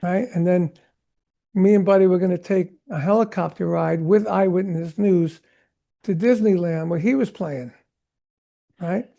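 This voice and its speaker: Older male guest storyteller, gravelly and dark, lively rambling anecdotes. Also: sits high, unhurried, long pauses. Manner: animated rambling anecdotes, acts out quotes. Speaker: guest drummer. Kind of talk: storytelling interview chat.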